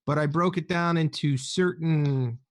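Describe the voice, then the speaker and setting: A man's voice: a little high, a little slow, dry recording, clean studio sound. A man from the United States, co-hosting a casual group stream and acting out quotes as he tells stories. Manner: animated storyteller acting out quotes. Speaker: stream co-host.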